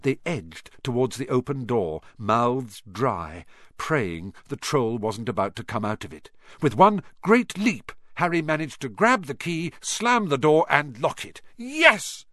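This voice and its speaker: Man reading a kids story, super expressive, mid voice, dry close mic. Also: mid-range voice, measured pace, dry recording. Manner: animated, expressive. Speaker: audiobook narrator. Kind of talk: scripted storybook narration.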